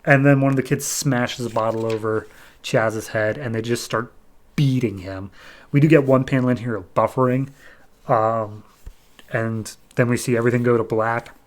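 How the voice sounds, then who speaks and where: A man with a medium-pitched voice retells a comic issue in loose, chatty podcast style. He strings the story together with frequent "he's like" asides, relaxed and conversational. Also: moderate pace. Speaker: podcast host. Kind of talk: casual comic book recap.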